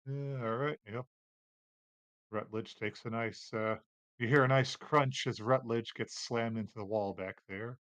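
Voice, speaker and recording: Relaxed man running a tabletop game. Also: medium pitch, measured pace, dry recording. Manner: relaxed, hesitant with fillers. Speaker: game master.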